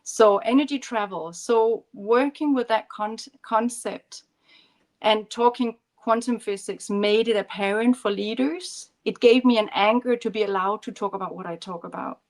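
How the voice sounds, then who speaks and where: A woman guest on a podcast, a leadership coach, telling a personal story in an earnest, gentle way with some restarts. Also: mid-range voice, normal speed. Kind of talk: storytelling in conversation.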